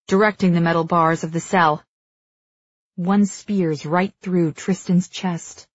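A woman narrating dramatic first-person fiction as an audiobook reader, measured and slowing for tense moments. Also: fairly low pitch, steady tone, no echo, highs cut off.

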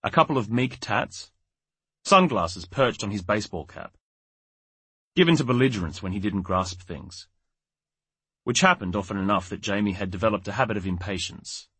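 A man narrating an audiobook in a measured, wry storytelling manner. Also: on the low side, animated, a bit bright, husky, dry recording. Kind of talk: scripted narration.

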